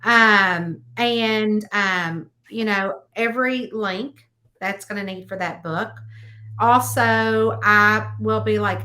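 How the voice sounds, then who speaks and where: A woman author chatting in an interview, telling stories in an animated way with plenty of fillers like "um" and "you know.". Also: medium pitch, slow. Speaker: guest author. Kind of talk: casual interview chat.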